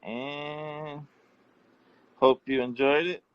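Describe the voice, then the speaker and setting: A man's voice: fairly high pitch, fairly even intonation, smooth, no echo. A man hosting a casual talk show, wrapping up in an easygoing way. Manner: slow, easygoing wrap-up talk. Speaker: show host. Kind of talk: casual chat. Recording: dull, lo-fi dry sound.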